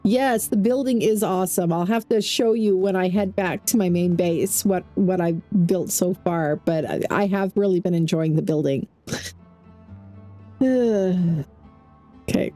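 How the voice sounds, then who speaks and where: Mellow-voiced woman streaming a game. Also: on the low side, a little slow, soft background music. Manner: chatty, thinks aloud while playing. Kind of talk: casual let's-play commentary.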